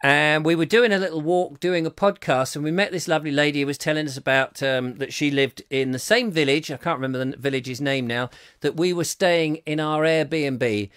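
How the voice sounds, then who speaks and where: A man hosting a comic live chat show, rambling jokily and reading out viewer comments, swinging between loud bursts and mumbled asides. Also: on the high side, fairly quick, smooth, dry recording, clean studio sound.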